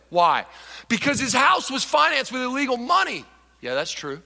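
A male pastor delivers a lively sermon in a big church hall, his fairly high, bright voice swinging widely in pitch as he acts out characters and crowds. The long reverb of the room trails after his lines. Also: fairly quick, gravelly.

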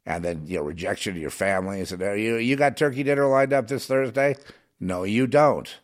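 A man's voice: lowish voice, a little fast. A man giving a ranting monologue, preachy and emphatic, rambling with many restarts and fillers.

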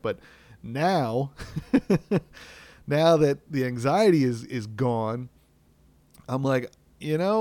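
Man, 30s, solo podcast host, self-deprecating rambler, middle pitch, dry close mic. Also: normal speed, a little mellow, no room sound. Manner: rambling, self-deprecating, with frequent fillers and restarts. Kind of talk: candid solo podcast talk.

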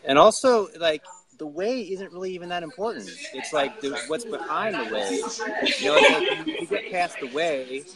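A man's voice: a little high, very animated. Earnest male podcast host, crowd noise. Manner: earnest, philosophizing, halting. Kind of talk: reflective casual conversation.

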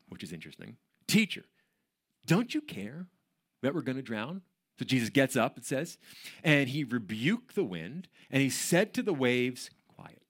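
A man preaching a sermon in a church auditorium, talking in a conversational, joking way and telling stories with energy. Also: mid-range voice. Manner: conversational and joking, with animated storytelling. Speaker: pastor.

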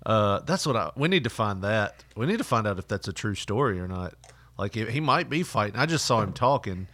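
A man's voice: fairly low pitch, fairly quick, no echo. A man co-hosting a casual podcast chat, joking around and slipping into funny voices. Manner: jokey, animated, does funny voices. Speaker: podcast co-host.

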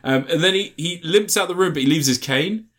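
A man's voice: on the high side, brisk, fairly bright tone. A man in casual chat, retelling a film plot with lots of swearing and acted-out lines.

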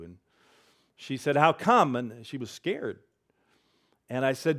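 A man's voice: medium pitch, sing-song, slow pace, pauses often, fairly bright tone. A man preaching a sermon as pastor, conversational, with humor and rhetorical questions.

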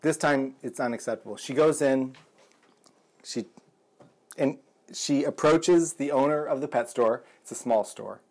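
A man's voice: medium pitch, measured pace, long pauses, a little mellow. A man telling a long shaggy-dog joke, stopping and restarting and chuckling as he builds it. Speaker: joke teller.

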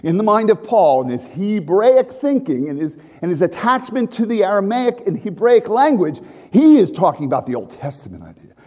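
Male pastor, conversational sermon, mellow tone, lively pitch that rises and falls. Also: normal speed. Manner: conversational, lively preaching with restarts and asides.

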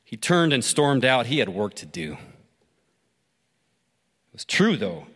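A man preaching through a story, pausing to ask listeners reflective questions. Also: mid-range voice, big pitch swings, a bit bright, slightly rough. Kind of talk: sermon told as a story. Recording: long hall reverb.

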